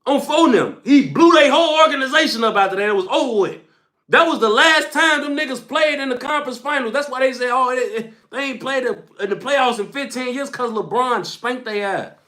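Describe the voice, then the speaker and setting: High, bright-voiced young man ranting. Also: expressive, a little fast. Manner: emphatic, repetitive, scolding chat, slangy. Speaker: livestream host. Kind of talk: heated casual livestream rant.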